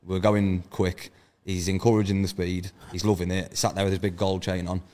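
A man with a low voice tells stories at a rapid clip. He is brash and swears freely in casual podcast chat. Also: little pitch movement, dark tone, a little hiss or hum. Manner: brash storytelling, heavy swearing. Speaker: podcast guest, event organiser.

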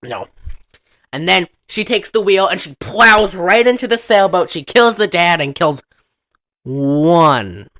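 A woman's voice: mid-range voice, normal speed, hardly any pauses, a bit bright. A woman hosting a casual podcast chat, teasing her co-hosts and recapping a film's plot with jokes. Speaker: podcast host. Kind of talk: casual chat reviewing a movie.

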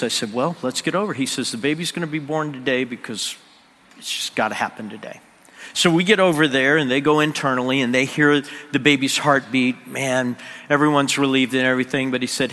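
A pastor telling a personal story in a sermon, sometimes dropping to a near-whisper at the emotional moments. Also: male voice, mid-range voice, a bit bright. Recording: long hall reverb.

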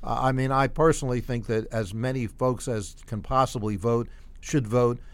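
A man's voice: mid-range voice, fairly even intonation, moderate pace, no echo. A man guest explains things in a casual, talky way, often repeating himself before getting the point out. His voice sits in an ordinary middle range. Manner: explanatory, repeats words as he talks. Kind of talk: casual interview.

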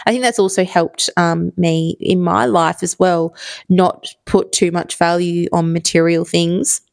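A woman's voice: fairly low pitch, fairly even intonation, measured pace, gravelly, no echo. A woman in her thirties with an Australian accent, hosting a podcast in casual, rambling solo storytelling full of fillers. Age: 30s. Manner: chatty, rambling, many fillers. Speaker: podcast host.

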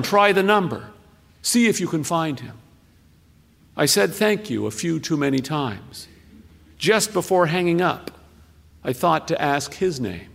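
A man tells a story on the radio at an unhurried pace, and his slightly high voice rises and falls widely. There is a gravelly edge to his tone, and the recording carries a long, hall-like reverb. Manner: slow, measured reading with expressive pauses. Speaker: storyteller reading a listener's story.

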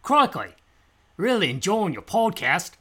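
A man's voice: high-pitched, very animated, measured pace, bright, forceful tone, slightly rough, voice pushed up, heavily acted. A man putting on a cheery male Australian listener with an exaggerated fake Australian accent, reading a listener review in a put-on voice. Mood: gleeful.

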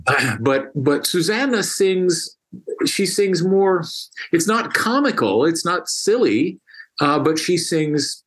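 A man's voice: fairly high pitch, fairly bright tone, husky. A man talking casually and enthusiastically as a guest, often restarting and repeating words as he explains. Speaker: music guest explaining opera.

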